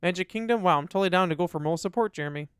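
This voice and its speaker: Man, podcast co-host, quick delivery, clean resonant voice, reads out listener comments. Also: sits high, fairly bright tone, smooth, no echo, clean studio sound. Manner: reads listener comments aloud and riffs on them. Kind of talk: casual podcast chat. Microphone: studio dynamic mic.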